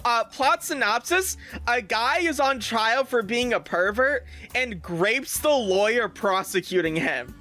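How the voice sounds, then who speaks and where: A man giving a casual streamed review, excitable and rambling with lots of fillers and swearing. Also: sits high.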